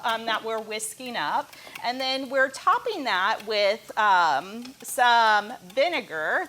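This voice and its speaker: Lady explaining a recipe step by step on tv, bright voice, bit high. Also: slight background noise. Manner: clear, step-by-step instructing. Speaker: charity board member presenting recipes. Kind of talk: cooking demonstration. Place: studio kitchen.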